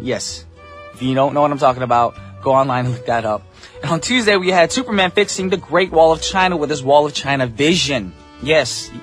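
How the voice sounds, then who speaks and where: Mid-range and slightly bright, a man's voice fronts a morning radio show in the studio. Working a studio mic, the DJ host chats casually and upbeat with listeners and slips in quick asides.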